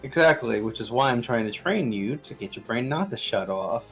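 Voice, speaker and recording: A man's voice: medium pitch, expressive, normal speed, fairly bright tone, soft background music. A man chatting on a live game stream and coaching his friend. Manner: teasing, coaching. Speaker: co-player on stream. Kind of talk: casual live-stream chat.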